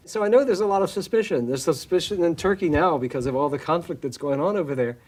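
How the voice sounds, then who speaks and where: A man with a slightly raised pitch talks reflectively in an interview. He often stops, restarts and fills gaps with ums and uhs. His speech sounds unhurried and considered. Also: expressive, darkish tone. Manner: thoughtful, hesitant, many fillers and restarts.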